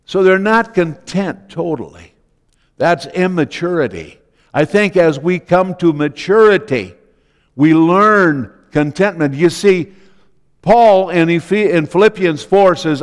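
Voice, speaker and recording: A man preaching a sermon as pastor, slow and deliberate, repeating key phrases for emphasis. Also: a little high, animated, long reverb tail.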